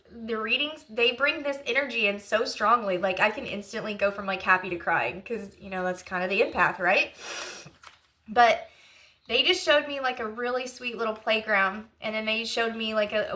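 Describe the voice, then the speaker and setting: A woman's voice: a little high, pushed and bright. A woman giving a casual channeled tarot reading, chatty and emotional, rambling with lots of fillers. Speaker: intuitive tarot reader.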